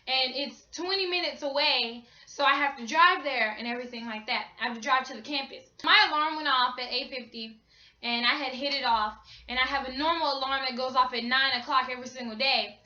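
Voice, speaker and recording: Young woman vlogger, high bright voice, chatty slangy storytelling, echoey small room. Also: steady tone, brisk. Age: young adult. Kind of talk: casual storytime. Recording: echoey room, slightly dull sound.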